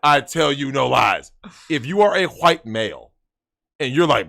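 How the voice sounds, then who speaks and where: Man, podcast guest, loud and brash, crude banter, raised pitch with a bright, edgy tone. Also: big pitch swings, normal speed, vocal fry, long pauses. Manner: loud, brash, exaggerated rants.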